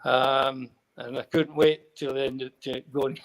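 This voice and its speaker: The speaker is an older Scottish man who used to play football, sharing meandering stories as a guest and breaking into occasional chuckles. He has a medium pitch, flat delivery and a measured pace, and the recording quality is low.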